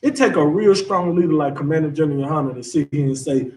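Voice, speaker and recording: Emphatic higher-voiced man teaching a class. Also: quick pace, few pauses, a little mellow, recorded from a distance. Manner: emphatic, street-casual preaching. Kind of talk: scripture class discussion.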